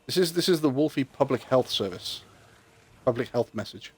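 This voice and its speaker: A man's voice: mid-range voice, lively intonation, normal speed, breathy edge. A young man chatting casually and joking with his viewers while streaming a game. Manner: chatty, joking, talks to chat. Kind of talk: casual gameplay chat.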